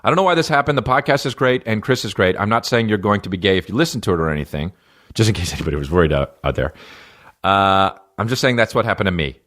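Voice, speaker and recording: A man's voice: lowish voice, lively intonation, quick pace, a bit bright. A man hosting a comedy podcast, talking in a profane, rambling and jokey way. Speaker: podcast host.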